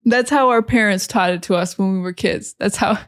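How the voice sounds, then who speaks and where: American woman teaching pronunciation slowly. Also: medium pitch, clear, resonant tone. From Maine, USA. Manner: slow, careful, repeats words syllable by syllable. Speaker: English teacher. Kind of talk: pronunciation lesson.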